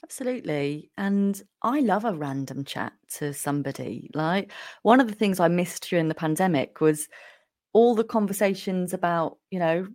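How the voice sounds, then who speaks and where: A woman's voice: on the low side, normal speed, no room sound, studio quality. A woman hosting a podcast, telling stories in casual chat and laughing often. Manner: storytelling, animated, laughs often. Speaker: podcast host.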